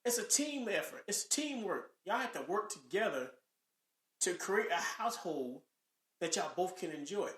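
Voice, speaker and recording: A man co-hosting a casual podcast with a Southern US accent, ranting in an animated, preachy way. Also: sits high, moderate pace. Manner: animated, preachy rants with mock voices. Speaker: podcast co-host. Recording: echoey room.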